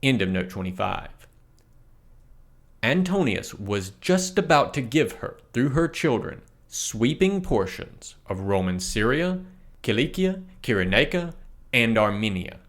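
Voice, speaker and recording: A man reading a history blog post aloud in a measured way, reading out its notes and image descriptions too. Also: mid-range voice, sing-song. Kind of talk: read-aloud narration of an essay with notes.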